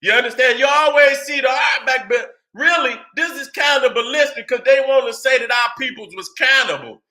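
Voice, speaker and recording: Speaking a little fast, this man has a very high-pitched voice with a sharp edge. As host of his channel he rants heatedly and profanely, pressing his points emphatically and constantly asking whether you see what he's saying.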